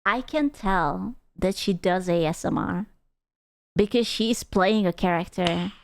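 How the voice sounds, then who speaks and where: A young adult woman streamer giving casual reaction commentary, animated and exclaiming with quick asides. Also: fairly low pitch, gravelly, a little hiss or hum. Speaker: VTuber streamer.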